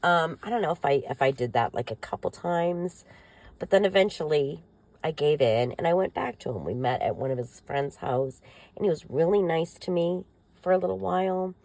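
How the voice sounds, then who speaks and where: A woman's voice: sits low, normal speed, a little mellow. A young woman venting bitterly about an ex, indignant and swearing as she repeats herself. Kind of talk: emotional personal venting. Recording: noisy with vehicle sounds behind.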